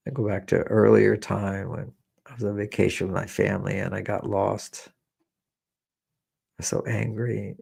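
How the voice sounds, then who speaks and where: A man leading a guided meditation, speaking slowly and repetitively as he coaxes listeners through feelings and shares his own memories. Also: fairly low pitch, little pitch movement, vocal fry, husky. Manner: slow, repetitive, gently coaxing with personal memories. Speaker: meditation teacher.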